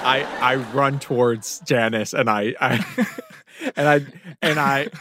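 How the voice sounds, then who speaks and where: A player in a comedic tabletop game, reacting with drawn-out exasperation and describing their character's actions. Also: medium pitch, a bit bright, dry recording. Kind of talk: comedic tabletop role-play.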